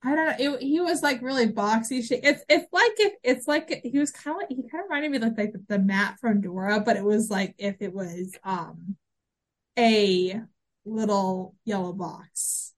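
A woman's voice: mid-range voice, moderate pace. A woman co-hosting a podcast in casual chat, rambling and getting emotional as she talks. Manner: rambling, gets emotional and laughs. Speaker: podcast co-host.

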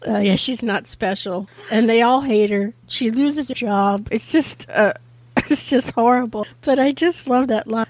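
A woman's voice: on the high side, a little slow, no room sound. Giggly woman recapping a comedy series. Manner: laughs often, lively retelling. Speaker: podcast guest. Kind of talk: casual chat.

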